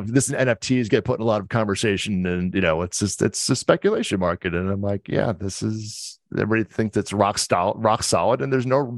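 A man's voice: lowish voice, no room sound, studio quality. A man on a casual podcast, chatting about entertainment news and rambling with many restarts and fillers.

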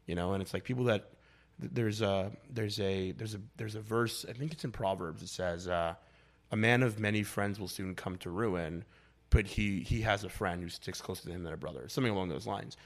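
A man's voice: fairly low pitch, brisk. A young man chatting casually as a podcast guest, rambling and blunt, with lots of filler words and swearing. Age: young adult.

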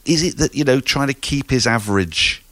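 A man talking as a podcast guest in casual chat, animated, playful and a little rambling. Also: medium pitch, brisk, no room sound.

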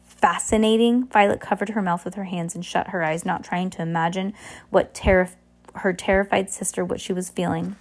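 A woman's voice: on the low side, flat delivery, brisk. A woman reading a novel aloud, stumbling and restarting now and then. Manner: reads with frequent slips and restarts. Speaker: reader. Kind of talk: audiobook narration.

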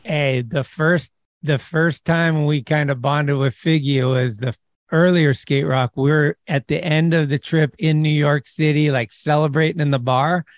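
A man hosting a casual chat and excitedly recalling wild trips. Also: fairly high pitch, no echo, studio quality. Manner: excited, quick storytelling.

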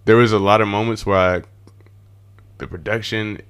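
A man co-hosting a podcast, talking music in relaxed, slangy casual chat full of "bro" and "like". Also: on the low side, normal speed, clean tone. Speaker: podcast co-host.

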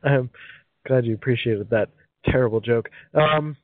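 A man's voice: medium pitch, a little slow, no echo. A man hosting a podcast in a playful, jokey casual chat. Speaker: podcast host. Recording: dry, phone-like sound.

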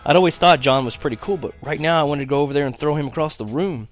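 A man reading a first-person story aloud with expressive, youthful storytelling. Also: a little high, fast, faint music behind. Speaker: audiobook narrator.

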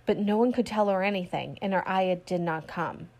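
A woman narrating a classic story aloud in a steady storytelling read, voicing quoted lines lightly. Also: mid-range voice, normal speed. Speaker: audiobook reader. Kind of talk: scripted narration.

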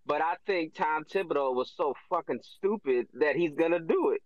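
A man's voice: on the high side, normal speed, no room sound. A man in a heated sports chat, trolling and laughing easily. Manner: trolling, giggly, laid-back. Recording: dull lo-fi phone audio.

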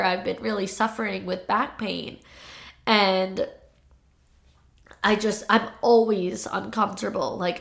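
A woman's voice: mid-range voice, vocal fry, fairly bright tone. A young woman hosting a podcast, confiding about her life in a rambling way, still choked up from crying. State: choked up, tearful. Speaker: podcast host. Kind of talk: casual personal monologue.

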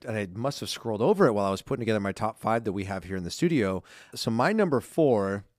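A man co-hosting a podcast in casual chat, joking and animated as he introduces songs. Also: lowish voice, no room sound, clean studio sound. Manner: jokey, animated, quick to crack puns. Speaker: podcast co-host; producer. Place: small studio.

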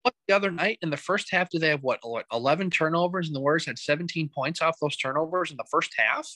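A man co-hosting a podcast, chatting casually about sports with animated, joking stories. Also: fairly high pitch, fast talker, no room sound, low-quality recording. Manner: animated storytelling with joking asides. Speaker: podcast co-host.

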